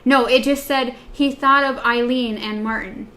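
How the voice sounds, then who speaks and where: A woman's voice: high voice, steady tone, unhurried, pushed and bright. Chatty woman co-hosting a book podcast. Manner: hesitant, many fillers, compares text versions. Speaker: podcast co-host. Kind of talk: casual book discussion.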